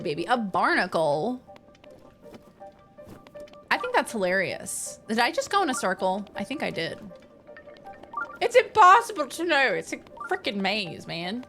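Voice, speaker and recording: A woman's voice: a little high, sharp tone. A young woman streaming a video game, chatting with her viewers in a playful, jokey way. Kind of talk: casual live-stream chat.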